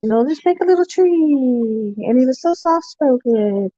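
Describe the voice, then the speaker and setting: A woman's voice: sits high, expressive, a little slow, dark tone, dry recording. A woman hosting a live stream, talking in a rambling, chatty way. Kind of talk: casual live-stream chat. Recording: dull, dry lo-fi sound.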